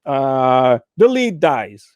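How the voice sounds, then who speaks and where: A man's voice: medium pitch, drawn-out words, no room sound. A man co-hosting a casual movie discussion, telling stories with lots of energy and acting out scenes in raised voices. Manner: animated storyteller, acts out scenes in raised voices. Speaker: co-host of a movie talk show.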